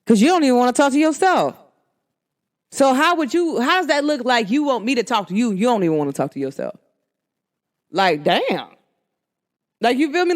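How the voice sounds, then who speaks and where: A young woman with a New Jersey–New York accent hosting a solo podcast, talking in an animated, emphatic and slangy way. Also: on the high side, brisk, long pauses. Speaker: podcast host. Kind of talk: casual solo podcast monologue.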